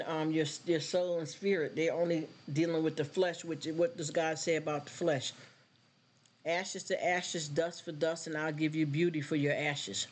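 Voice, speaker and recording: Earnest man preaching to his stream. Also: on the high side. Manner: preachy, earnest, addresses viewers directly. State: emotional, choked up. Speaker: live stream host. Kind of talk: casual faith talk with live chat.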